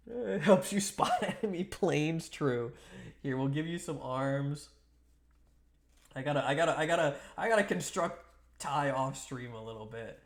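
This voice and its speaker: A man's voice: a little high, animated, measured pace, pauses often. A young man chatting on a livestream while sculpting clay dolls, teasing viewers in a rambling, playful way with lots of restarts and laughs. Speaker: streamer.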